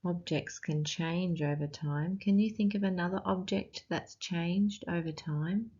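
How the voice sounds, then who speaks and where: An Australian woman reads a picture book aloud at an unhurried pace, stopping to ask the children questions. Her voice sits a little low, and she reads it with expression. The recording is muffled and lo-fi. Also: a little mellow. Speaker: teacher.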